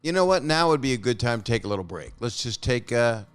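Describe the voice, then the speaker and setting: A man's voice: mid-range voice, lively intonation, quick pace, smooth, faint music behind. A man in his sixties hosting a call-in show, telling rambling stories in a casual chat with callers. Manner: rambling, self-interrupting storyteller. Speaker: host.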